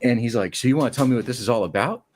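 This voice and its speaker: A man's voice: medium pitch, racing. A man calling in to a late-night show, casually telling a long work story and acting out the quotes. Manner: animated, acts out quotes with shifting voices. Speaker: caller.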